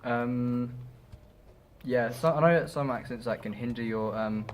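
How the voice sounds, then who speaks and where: A man's voice: mid-range voice, a little slow, a little hiss or hum. A man drama student talking in a casual group discussion, hesitant, with many ums.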